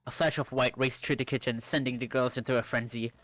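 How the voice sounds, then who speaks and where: A man streaming a visual novel, reading its narration with lively asides. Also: mid-range voice, quick pace, hardly any pauses, no echo, faint music behind. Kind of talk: visual novel read-aloud.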